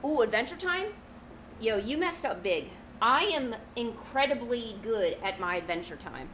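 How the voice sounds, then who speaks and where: A woman's voice: fairly high pitch, expressive, normal speed, fairly bright tone, a little hiss or hum, low-quality recording. A young woman chatting casually and laughing at herself while she draws, talking to her cat now and then. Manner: giggly, self-mocking, talks to her cat. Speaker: streamer drawing from memory. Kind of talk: casual chat while drawing.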